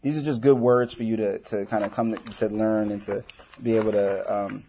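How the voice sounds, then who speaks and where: A man's voice: lowish voice, fairly even intonation, fairly quick, warm tone, slight background noise. Man, workshop leader, casual teaching talk, acts out examples, dull lo-fi sound. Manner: conversational, full of "you know", acts out quoted lines. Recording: dull lo-fi recording.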